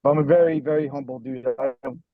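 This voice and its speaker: A man's voice: mid-range voice, fairly even intonation, quick pace, no room sound, narrow, tinny audio. A man who sings lead in a band, chatting casually in a rambling, self-deprecating way with many restarts. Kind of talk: casual chat.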